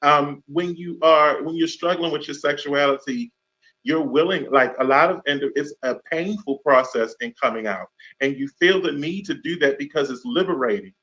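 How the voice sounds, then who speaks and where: A man hosting a radio talk show tells a story in casual chat, animatedly acting out the voices of its characters. His pitch is fairly high, his speed normal, and the recording has a dull lo-fi sound.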